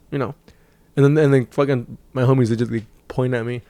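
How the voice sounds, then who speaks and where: A man's voice: mid-range voice, quick pace, dry recording. A young man and stand-up comic hosting his own podcast, telling a rambling, profane story in casual chat. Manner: profane, rambling, animated when quoting people.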